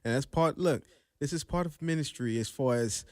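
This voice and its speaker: A man's voice: medium pitch, moderate pace, no echo. Easygoing man who laughs often. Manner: laughs often, brief agreeing replies. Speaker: co-host, minister. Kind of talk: casual chat.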